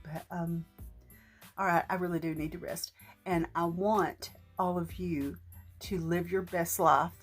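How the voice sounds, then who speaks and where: Emotional woman with a husky, shaky voice. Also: on the low side, fairly even intonation, unhurried, soft background music. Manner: gentle and earnest, with faith talk and small restarts. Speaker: vlogger. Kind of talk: heartfelt personal vlog talk.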